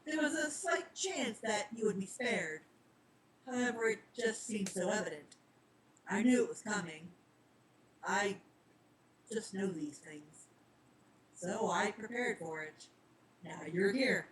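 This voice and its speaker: A stern male reaper of death who speaks slowly and formally, calm even when he delivers hard news, in a storybook reading, with a woman reading his lines. A faint hiss of noise sits under the voice. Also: medium pitch, rough recording. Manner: measured, formal, slow.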